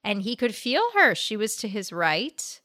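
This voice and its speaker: Bright-voiced woman, podcast co-host. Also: medium pitch, measured pace, no echo, clean studio sound. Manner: animated storyteller, acts out quotes. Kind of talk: casual chat, retelling a séance.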